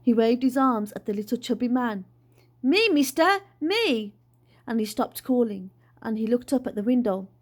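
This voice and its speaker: A woman reading a children's storybook aloud in an expressive, unhurried way. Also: fairly high pitch. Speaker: storybook reader. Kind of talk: children's book read-aloud.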